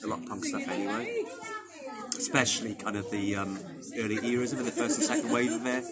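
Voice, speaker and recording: A Welsh man, a guitarist, chatting in a rambling, animated way in a backstage interview. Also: on the low side, quick pace. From Wales. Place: backstage after a gig. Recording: crowd noise behind. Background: crowd noise.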